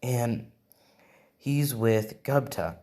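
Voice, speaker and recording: A man's voice: mid-range voice, extremely slow, dark tone. A man improvising a fan story aloud, rambling and adding "right?" after many lines. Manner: rambling, full of fillers and "right?".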